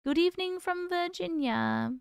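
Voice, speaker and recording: A woman's voice: extremely high pitch, expressive, normal speed, creaky, no echo, studio quality. A woman hosting a casual livestream, reading out viewer comments and greeting people by name in a chatty, affectionate way. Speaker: livestream host.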